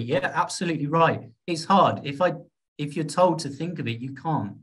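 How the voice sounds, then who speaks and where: A man with a British accent giving an online exam-prep speaking workshop in a lively, encouraging way, often checking in with the class. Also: a little high, moderate pace. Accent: British English. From Britain. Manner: lively, encouraging, checks in with "okay?" and "all right?". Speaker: IELTS speaking teacher.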